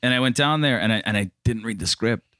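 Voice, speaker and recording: A man's voice: mid-range voice, quick pace, pushed and bright, dry recording, clean studio sound. A man telling a story in a casual chat, rambling and self-deprecating, with some swearing.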